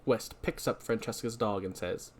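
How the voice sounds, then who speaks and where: A man hosting a podcast, recapping a movie scene by scene with animated storytelling and self-deprecating asides. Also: lowish voice, moderate pace, husky. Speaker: podcast host.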